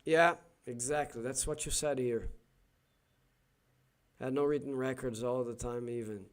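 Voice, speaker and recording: A man's voice: mid-range voice, fairly even intonation, unhurried. A Brazilian man with a Brazilian Portuguese accent, a Portuguese teacher hosting a casual live stream and thinking aloud with many fillers and restarts.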